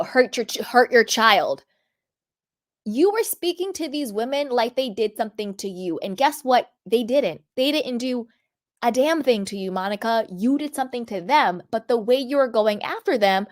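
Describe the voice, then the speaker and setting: A sassy woman runs her reality TV commentary vlog, scolding and animated as she talks. Her voice sits a little high, and the sound is dry and close, with no room echo. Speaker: commentary host.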